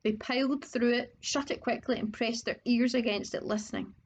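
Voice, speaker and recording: A woman reading a children's storybook aloud in a steady way, with occasional slips on words. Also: a little high, normal speed, few pauses, slight background noise. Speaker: audiobook reader. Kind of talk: storybook narration. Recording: dull lo-fi recording.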